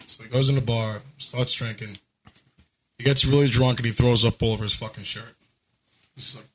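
Guy on a radio show telling jokes, steady middle voice, laid back. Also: medium pitch, a little fast, rough recording. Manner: plain storytelling delivery of jokes. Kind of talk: casual joke telling.

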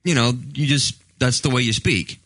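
A man co-hosting an internet radio show in casual banter, often halting and restarting his sentences. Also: mid-range voice, fairly bright tone, no echo. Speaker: co-host.

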